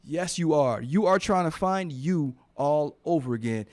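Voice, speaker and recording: A man with a voice on the high side, expressive and a little slow, presents a motivational radio talk show in a studio. He comes across as sincere and heartfelt, returning to the same phrases for emphasis.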